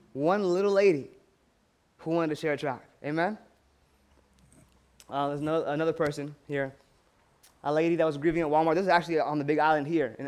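A man preaching a sermon, telling stories and calling out for amens from the congregation. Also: on the high side. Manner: storytelling preaching with frequent call-outs for amen. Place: church.

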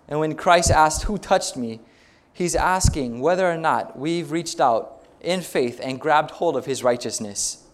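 A man's voice: a little high, unhurried. A male pastor preaching a sermon, retelling stories in a conversational way and putting rhetorical questions to the congregation.

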